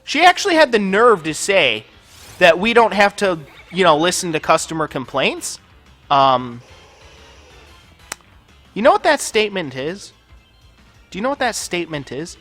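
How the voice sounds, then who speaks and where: A man with a high, very animated voice rants through a personal story while playing a video game. His talk is casual, full of fillers and swearing, and his tone is bright and sharp. Faint music plays underneath. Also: normal speed, pauses often. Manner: profane, ranting, lots of filler words. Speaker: gaming channel host. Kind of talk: casual storytelling over gameplay.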